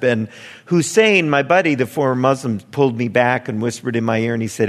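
A man speaks as a missionary sharing his testimony, retelling events as though chatting with friends. He acts out the dialogue of the people he met and adds wry asides. His voice sits at a middling pitch and carries a long reverb, as if he is speaking in a large hall. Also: brisk. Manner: conversational, animated retelling with quoted dialogue and wry humor. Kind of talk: spoken testimony storytelling.

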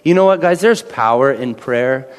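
A man's voice: mid-range voice, lively intonation, moderate pace, smooth. A man in his thirties preaching a sermon in a church, talking conversationally, repeating phrases and acting out quoted voices. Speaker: pastor. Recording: long hall reverb.

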